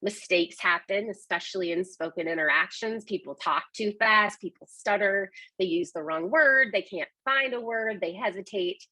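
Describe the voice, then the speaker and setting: A woman's voice: medium pitch, normal speed, few pauses, bright, forceful tone, no room sound, rough recording. A woman presenting a webinar on conversation design, explaining points with emphasis. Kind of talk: scripted presentation.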